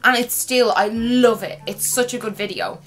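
A woman's voice: on the high side, moderate pace, soft background music, low-quality recording. A young woman, chatting casually and teasing her sister over a meal. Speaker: vlogger and guest. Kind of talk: casual chat while eating.

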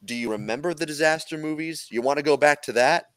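A man's voice: on the high side, quick pace, fairly bright tone, clear, resonant tone, dry recording. A man making wry, joking asides in casual podcast chat.

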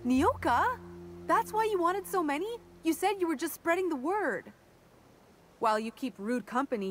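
A woman's voice: high-pitched, a little hiss or hum. An actress voicing an earnest, plain-spoken frontier settler woman in video game dialogue, welcoming a stranger and proud of her people's freedom. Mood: surprised.

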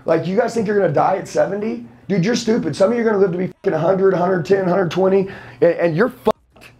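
Talking fast in a high-pitched, slightly mellow voice, a sales trainer in his thirties fires up a room full of people. His motivational seminar talk is blunt, profane, and confrontational.

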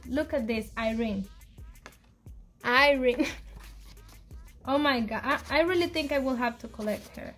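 A fairly high-voiced woman talks casually through an unboxing, excitable, pleading and quick to laugh. Soft music plays faintly behind her. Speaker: vlogger.

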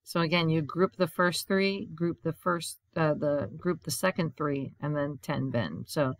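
A woman's voice: deep voice, a little slow, hardly any pauses, dry recording. A woman teaching a recorded language grammar lesson. She explains step by step, repeats a memory rhyme and often checks in with "right?". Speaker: Spanish teacher.

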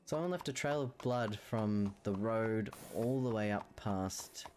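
A man's voice: fairly low pitch, a little slow, a little mellow, a little hiss or hum. A man chatting casually out of character while streaming a game, rambling and laughing often.

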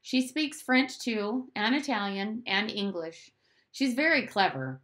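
A woman doing a quiet, thoughtful boy. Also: mid-range voice, lively intonation, measured pace, pitched above the performer's own voice. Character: quiet nine-year-old boy, thoughtful.

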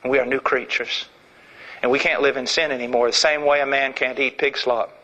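A man's voice: mid-range voice, little pitch movement, brisk, pushed and bright, muffled recording. A man preaching a sermon in an impassioned, emphatic way.

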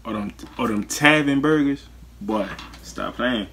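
A man reacting to a clip with slangy asides, loud laughs and exclamations. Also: medium pitch, unhurried, husky. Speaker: reaction video host. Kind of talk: casual reaction commentary.

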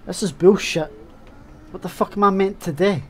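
High-voiced man swearing through a game. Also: moderate pace, slight background noise. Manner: excitable, swears a lot, yells at enemies. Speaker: let's play gamer. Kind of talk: gameplay commentary.

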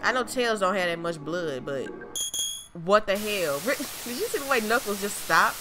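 A woman streamer gives excitable, cursing commentary while playing a horror game. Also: medium pitch, normal speed. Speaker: gameplay streamer. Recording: loud game music behind the voice.

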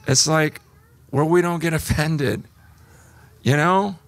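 Animated preacher man, fairly high voice. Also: slow, no room sound. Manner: animated, swings from hushed to emphatic. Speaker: pastor. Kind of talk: sermon.

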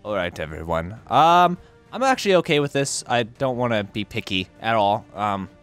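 A man's voice: fairly low pitch, very animated, moderate pace, fairly bright tone, soft background music. A man hosting a let's play with casual gameplay commentary, swearing and shifting into odd, playful inflections.

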